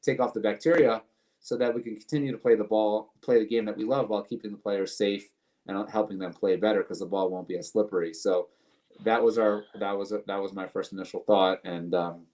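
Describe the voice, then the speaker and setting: A man's voice: fairly low pitch, steady tone, brisk, darkish tone. A man from the United States, a company co-founder, answering interview questions earnestly, piling up lists and repeating words. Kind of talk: casual interview.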